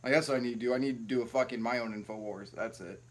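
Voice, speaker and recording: A man's voice: medium pitch, very fast. Profane rambling young man vlogging. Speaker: YouTube vlogger. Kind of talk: casual storytelling to camera. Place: at home, no ring light set up. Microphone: built-in camera mic, no external mic.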